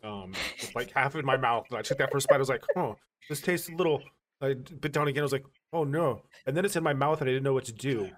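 A man hosting a podcast, telling crude stories in a loose, animated way. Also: mid-range voice, rapid-fire, hardly any pauses. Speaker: podcast host. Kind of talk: casual podcast chat.

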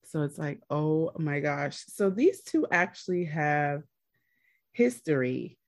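A woman's voice: sits low, expressive, slow, dry recording. A woman hosting a podcast, casually retelling a TV episode in a chatty storytelling way. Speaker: podcast host.

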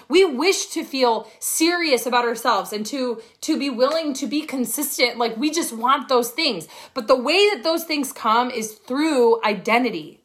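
A woman's voice: a little high, a bit bright. A woman coaching her team on a livestream from her phone, talking in a blunt, profane, fired-up way. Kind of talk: livestream pep talk.

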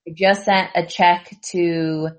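A young woman co-hosting a podcast, telling a story in a chatty, casual way with quick asides. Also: lowish voice, fairly even intonation. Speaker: podcast co-host. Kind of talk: casual chat.

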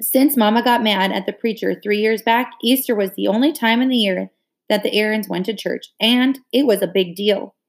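A woman reading a children's novel aloud, with steady, expressive narration. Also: mid-range voice, moderate pace. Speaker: reader.

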